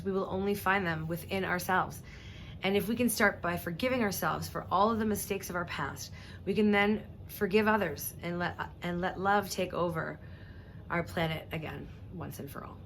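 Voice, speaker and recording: Woman, mid-pitched, earnest and tearful, direct-to-camera apology vlog, faint background hiss. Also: fairly bright tone. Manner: earnest, heartfelt, halting with restarts and throat-clearing. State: emotional, near tears. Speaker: vlogger. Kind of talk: emotional personal address to viewers.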